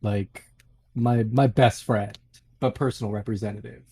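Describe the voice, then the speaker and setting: A man's voice: lowish voice, fairly even intonation, moderate pace, mellow, husky. A man playing in a tabletop game, speaking in character in a brash, sardonic way. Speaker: player.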